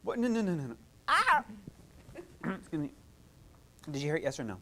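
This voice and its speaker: A music therapist runs a live group workshop, talking people through vocal exercises. The voice swoops up and down expressively, encouraging and chatty, full of quick asides to the room. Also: medium pitch, huge pitch swings, pushed and bright.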